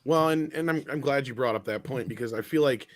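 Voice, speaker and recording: A man hosting a casual podcast discussion, telling stories in an animated way and swearing freely. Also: mid-range voice, fairly quick, no room sound. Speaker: show host.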